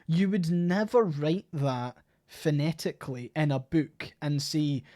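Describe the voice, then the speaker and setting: A Scottish man with a slightly high voice co-hosts a podcast in loose, rambling conversation. He drifts through his points with plenty of "like" and the odd casual swear word. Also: measured pace, warm tone. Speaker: podcast co-host.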